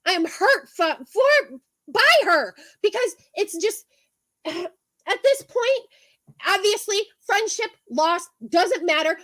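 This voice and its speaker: A woman's voice: very high-pitched, a bit bright, no echo, rough recording. A woman on a livestream, delivering a heated, profane rant and repeating her points.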